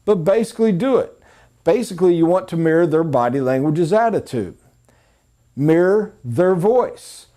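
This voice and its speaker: Male sales coach, mellow and slightly high, lively classroom delivery. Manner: animated, acts out examples. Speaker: sales trainer. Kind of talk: classroom sales training talk.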